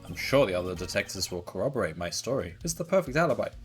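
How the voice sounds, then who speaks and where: A man's voice: deep voice, quick pace, faint music behind, close to an everyday voice. A man reading the lines of a smug, evasive male suspect in a game, in a taunting, self-satisfied manner.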